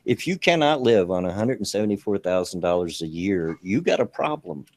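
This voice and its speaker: Easygoing low-voiced male co-host. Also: big pitch swings, fairly quick, a little mellow, dry recording, clean studio sound. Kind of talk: casual political chat.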